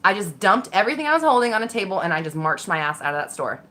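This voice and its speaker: A woman telling a personal story casually, candid and animated, swearing freely and acting out the voices in her head. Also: medium pitch, rapid-fire. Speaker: vlogger.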